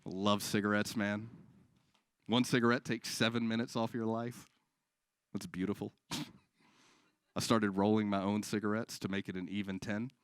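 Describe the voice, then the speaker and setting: A man performing a stand-up comedy set on a live stage, with deadpan delivery, crowd work and acted-out dialogue. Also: lowish voice, unhurried, long pauses, clear, resonant tone, no room sound.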